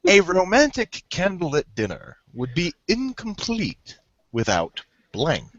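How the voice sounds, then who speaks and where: A man co-hosting a casual podcast, joking and laughing as he rambles through his turn. His voice is bright and swings widely in pitch. It comes through a dry, dull lo-fi call line. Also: wildly swooping pitch, slow pace, no echo. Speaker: podcast co-host. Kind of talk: casual group chat over a card game.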